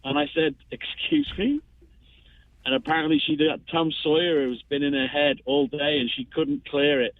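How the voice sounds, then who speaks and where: A man's voice: a little high, steady tone, a little fast, few pauses, no echo. A rambling man in his fifties talks over a thin, tinny telephone line. He stops and restarts his sentences often and fills them with ums. The sound is dry and close, with no room around it. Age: 50s. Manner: rambling, chatty, many restarts and fillers. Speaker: caller. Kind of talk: phone-in chat.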